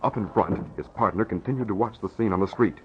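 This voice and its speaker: A man narrating an old radio drama in a measured, dramatic storytelling manner. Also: fairly low pitch, a little hiss or hum. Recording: dull lo-fi old radio recording with music.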